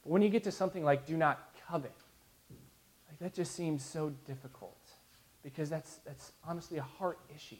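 A man's voice: on the high side, normal speed, a little hiss or hum. A man in his thirties preaching a sermon to his congregation, earnest, with frequent restarts. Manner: earnest, with restarts and soft laughs. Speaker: pastor.

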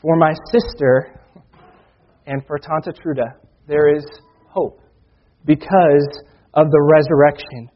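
A man preaching a sermon as pastor, earnest, slowing down for emphasis and reading Scripture with rising force. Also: on the high side, steady tone. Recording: dull lo-fi sound.

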